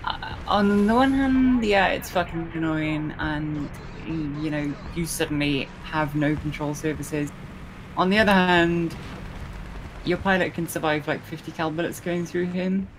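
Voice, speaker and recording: A man's voice: fairly high pitch, steady tone, unhurried, fairly bright tone, low-quality recording. Opinionated man talking over game noise. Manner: opinionated, argues his points. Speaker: podcast co-host. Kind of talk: casual gaming chat.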